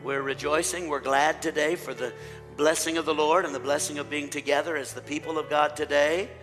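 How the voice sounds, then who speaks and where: A middle-aged man leading a church service as pastor, praying and welcoming his congregation, his voice rising and growing louder when he rallies the room. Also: fairly high pitch, little pitch movement, fairly quick. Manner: warm pulpit delivery, rising loud when rallying the congregation. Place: church sanctuary. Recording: long church reverb with faint instrumental music.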